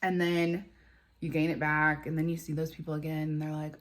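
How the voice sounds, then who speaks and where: A woman's voice: low voice, fairly even intonation, takes it slowly, pauses often. Woman rambling in a confessional vlog. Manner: rambling, emotional self-talk. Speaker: vlogger and mother.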